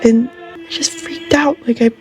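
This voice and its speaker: An actress playing a troubled young woman who confesses her panic and anger in therapy, tearful and halting. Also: high voice, darkish tone, faint music behind. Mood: distraught.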